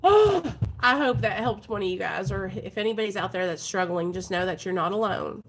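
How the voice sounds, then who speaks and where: With a mid-range voice, lively intonation, and a moderate pace, a woman hosts a recovery livestream from her home, a little hiss or hum underneath. Frank, earnest, and casual, she chats with her viewers and keeps addressing them as "you guys."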